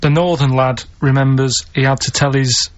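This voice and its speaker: A man co-presenting on the radio, talking in a plodding, matter-of-fact, deadpan way while reading out quiz clues. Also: medium pitch, normal speed. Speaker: radio show co-presenter running a quiz segment. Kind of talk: casual radio banter. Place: radio studio. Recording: dull lo-fi radio recording.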